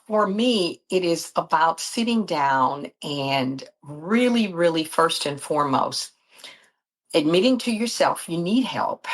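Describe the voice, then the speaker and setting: A woman's voice: low voice, vocal fry, slightly rough, low-quality recording. A middle-aged woman, a guest telling her story in an earnest, faith-filled way. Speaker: guest, disability advocate and author. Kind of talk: candid interview talk.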